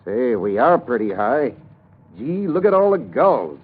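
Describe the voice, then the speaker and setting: A cocky, boastful gangster informant with a lively, swinging voice in an old radio play. The recording is narrow and tinny with light hiss. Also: male voice, medium pitch, measured pace, breathy edge. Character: cocky young male gangster turned informant. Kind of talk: 1930s radio drama acting.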